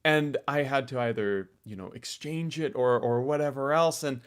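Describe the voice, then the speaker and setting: A man's voice: mid-range voice, normal speed, smooth. A man teaching a live online ukulele lesson, explaining in a casual, chatty way full of asides while demonstrating on his instrument.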